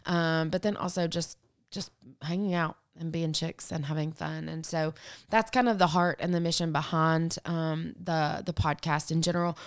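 A woman hosting a casual podcast, hoarse from a lingering cold, chatty and upbeat with many fillers. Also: low-pitched. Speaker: podcast host.

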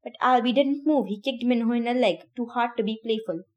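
A woman with a somewhat high voice reads a novel aloud for her podcast in a casual, friendly way. She keeps stepping out of the text to laugh and share her own thoughts with listeners before she picks up the reading again. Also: a little fast. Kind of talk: casual read-aloud with chatty asides.

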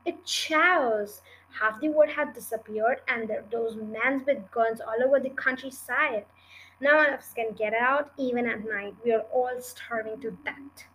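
A woman voicing an anxious adult male badger in a storybook reading, speaking in a high pleading voice. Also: measured pace, a bit bright, slight background noise, poor audio. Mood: worried.

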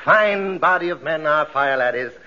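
A pompous, wordy theater manager. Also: male voice, on the high side, expressive, normal speed, pushed and bright. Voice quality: pompous, florid, pedantic. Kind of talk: 1940s radio acting. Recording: dull old radio recording with hiss.

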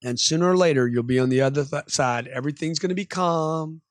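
Animated man coaching salespeople, dry close mic. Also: on the high side, fast talker, no echo. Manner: animated, acts out customer quotes with sudden loud outbursts. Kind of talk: motivational monologue.

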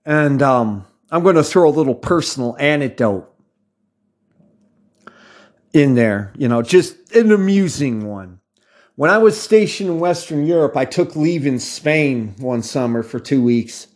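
A man's voice: medium pitch, expressive, unhurried, a little mellow. An American man in his fifties talking casually to his viewers, rambling off on tangents and restarting his sentences often. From United States. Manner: rambling, tangent-prone, with frequent restarts and fillers. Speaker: channel host. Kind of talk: casual talk to camera.

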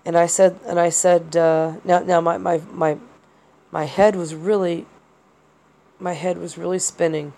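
A woman's voice: on the low side, level tone, a little slow, mellow. Hesitant, rambling woman podcaster. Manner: rambling, hesitant, many fillers and restarts. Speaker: podcast host. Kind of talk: personal monologue.

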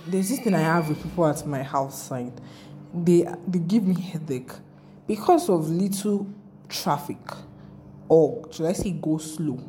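Low-voiced, chatty Nigerian woman. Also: moderate pace, a little hiss or hum. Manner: chatty, animated, rambling asides. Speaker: travel vlogger. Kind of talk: casual storytelling vlog.

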